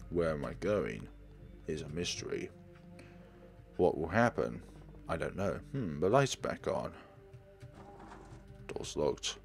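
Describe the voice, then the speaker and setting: Reading the game's lines out loud, a man hosting a horror-game let's play keeps breaking into dramatic outbursts. He speaks with a rumbling low voice full of vocal fry.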